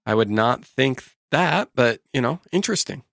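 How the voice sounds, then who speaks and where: A woman's voice: extremely low pitch, expressive, moderate pace, gravelly, no room sound, studio quality. A woman co-hosting a podcast in casual chat, joking and laughing as she talks. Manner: joking, laughs while talking. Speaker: podcast co-host.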